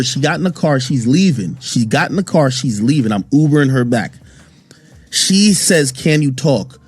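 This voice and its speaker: A man telling his side in a casual livestream rant, defensive and slangy, speaking in quick bursts. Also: on the high side, slightly rough, no echo.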